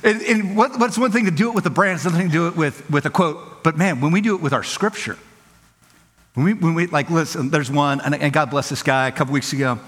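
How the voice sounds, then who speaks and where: Male pastor, high-pitched, casual and playful delivery, echoing sanctuary. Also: fairly bright tone. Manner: conversational, playful, acts out quick quoted voices. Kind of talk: sermon. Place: church auditorium.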